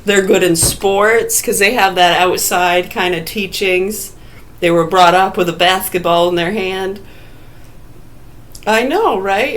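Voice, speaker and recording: This woman's voice is on the low side yet fairly bright, and she keeps a measured pace through her casual monologue. She rants bluntly and profanely, challenging listeners who aren't there with one rhetorical question after another.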